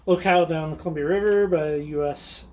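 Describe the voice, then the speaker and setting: A man's voice: a little high, fast. Chatty, enthusiastic man hosting a vlog. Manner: chatty and enthusiastic, with frequent ums and little laughs. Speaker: rockhounding channel host. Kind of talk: casual show-and-tell vlog.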